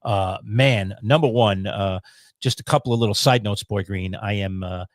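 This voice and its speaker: A man's voice: fairly low pitch, normal speed, no echo, studio quality. A man co-hosting a live sports talk stream, casual and rambling, with many fillers and restarts. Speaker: co-host of a sports talk show.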